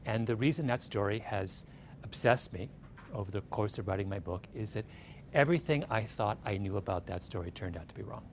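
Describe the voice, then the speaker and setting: A man giving a storytelling lecture, animated and often checking in with the audience with a quick "right?". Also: lowish voice, slight background noise. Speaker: speaker giving a talk.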